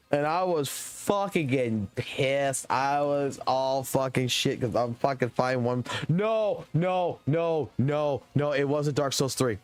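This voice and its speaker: A young adult man streaming live, telling a long, rambling story in casual chat and swearing heavily. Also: mid-range voice. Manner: profane, rambling, heated storytelling.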